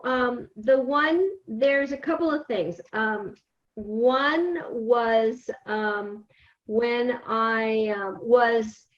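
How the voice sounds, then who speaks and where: A woman telling a childhood memory in casual talk, hesitant and full of pauses and fillers, heard over a video call. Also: on the high side. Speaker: guest. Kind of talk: casual storytelling. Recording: slightly dull lo-fi sound.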